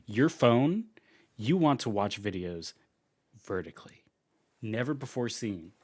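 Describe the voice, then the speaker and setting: A young man in his twenties talks loosely as a podcast co-host. His voice sits on the low side, and he speaks in a relaxed, chatty way with plenty of fillers. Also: a little slow. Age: 20s. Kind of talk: casual chat.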